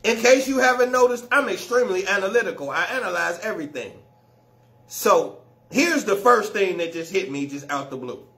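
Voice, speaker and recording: High, bright-voiced male stand-up comic. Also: moderate pace. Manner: loud, animated storytelling, laughing through his own jokes; profane and slangy. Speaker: stand-up comedian. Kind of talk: stand-up comedy routine.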